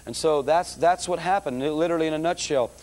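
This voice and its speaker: A middle-aged man preaching, telling his conversion story in a lively storytelling manner and calling the audience folks. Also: on the high side, a little fast. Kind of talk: testimony sermon.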